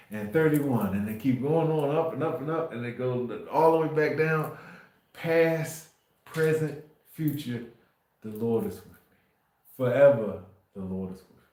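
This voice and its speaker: Male livestream preacher, mid-pitched, loose and repetitive delivery, recorded in a very reverberant room. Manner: rambling, repeats words and restarts, swings from quiet to emphatic. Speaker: faith livestream host.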